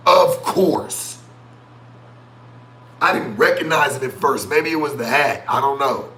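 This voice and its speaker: A man's voice: on the high side, a little slow, fairly bright tone. A man streaming a casual, profane rant to his chat, mocking someone while telling the story. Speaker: streamer and talk show host. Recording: echoey room with faint ambient noise.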